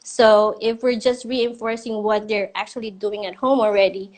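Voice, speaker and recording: A woman's voice: medium pitch, fairly even intonation, moderate pace, darkish tone. A middle-aged woman who leads a church children's ministry, chatting casually and self-deprecatingly on a live stream, with lots of fillers and restarts. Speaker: children's ministry leader, guest.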